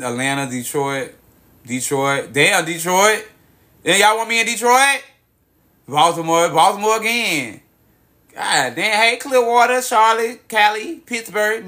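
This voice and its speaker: A young man, talking high and bright into his phone as he hosts a casual livestream. He calls out viewers' cities in an excitable, swearing drawl, with plenty of "baby" and "girl" thrown in. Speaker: livestream host. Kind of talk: casual livestream chat, reading viewer comments.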